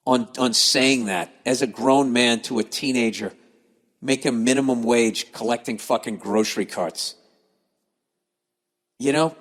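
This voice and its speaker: A man's voice: mid-range voice, a bit bright, long reverb tail. A man hosting a podcast, reading listener emails aloud and ranting about them in a profane, exasperated, sarcastic way. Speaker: podcast host.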